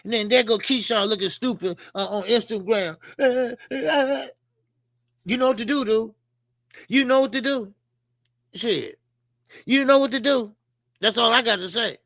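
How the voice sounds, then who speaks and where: Brief: man, boxing show host, high gravelly voice, profane animated rant. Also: measured pace, long pauses, dry recording, clean studio sound. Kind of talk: casual boxing commentary.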